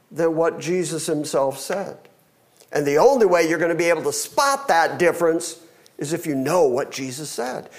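Slow, emphatic male preacher. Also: a little high. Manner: emphatic, plain-spoken, wry asides. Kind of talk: sermon.

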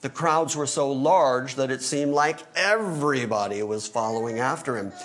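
A man's voice: medium pitch, moderate pace, a bit bright, a little hiss or hum. A male pastor teaching through a Bible passage in an emphatic sermon, acting out the quoted lines. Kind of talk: expository sermon.

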